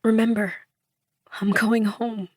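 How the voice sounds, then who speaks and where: A woman's voice: a little high, little pitch movement, slow pace, dry recording, studio quality, pitched above the performer's own voice. A woman narrator voicing a frightened but brave young female death-row prisoner who speaks with a trembling voice. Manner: trembling, forcing a smile.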